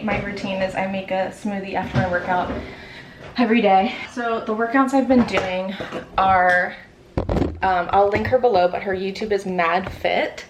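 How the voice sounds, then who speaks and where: A young woman in her twenties, medium-pitched and out of breath after a workout, chats casually in a vlog, rambling with lots of fillers. The recording has background noise and an echoey room sound.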